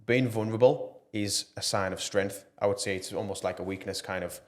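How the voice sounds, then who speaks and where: A man with a fairly low voice, speaking as a guest on a podcast. He talks with earnest passion in a loose, conversational way, often pausing on fillers. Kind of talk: casual podcast interview.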